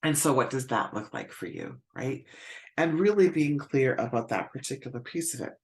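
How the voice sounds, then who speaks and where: A woman's voice: rumbling low, big pitch swings, normal speed, creaky. A woman coaching a live online group, often asking reflective questions, trailing off with "right?" and searching for words as she goes. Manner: encouraging, searching for words, asks many rhetorical questions; often adds a soft "right?" after points. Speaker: spiritual business coach. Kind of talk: live-stream coaching talk.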